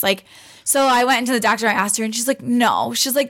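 Young pregnant woman, bit high voice, chatty, does little voices for people in her story. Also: fast, fairly bright tone. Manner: chatty, acts out quoted voices, laughs often. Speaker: guest. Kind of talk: casual storytelling.

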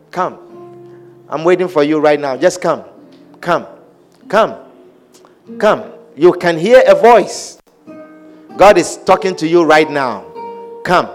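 A male preacher with a high voice, drawing out his words slowly as he pleads with the congregation. He repeats himself fervently, slips into tongues, and leads a repeat-after-me prayer. Soft instrumental music plays behind him. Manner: fervent, repetitive, speaks in tongues; leads call-and-response prayer. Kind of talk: altar call sermon.

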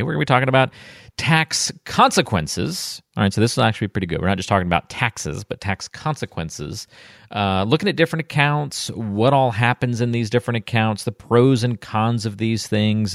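A man's voice: fairly low pitch, gravelly, dry recording, studio quality. A man hosting a podcast in a casual, upbeat, chatty way, laughing easily with his co-host.

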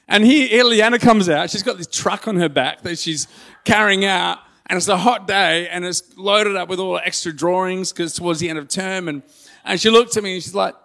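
In a church hall, a pastor preaches an earnest, conversational sermon that turns emotional, and he jokes at his own expense. His voice is high and a bit bright, at normal speed.

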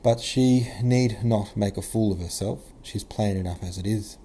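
A man voicing a gruff, imperious old male prince in a novel reading, blunt and commanding. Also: lowish voice, moderate pace, warm tone, slight background noise, close to an everyday voice. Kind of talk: audiobook character reading.

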